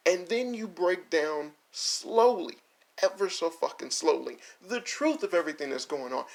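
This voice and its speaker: A man's voice: fairly high pitch, gravelly. A man in a casual, exasperated rant reviewing an anime, swearing and laughing as he mocks the characters. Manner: mocks characters in quick put-on voices. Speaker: video essay host.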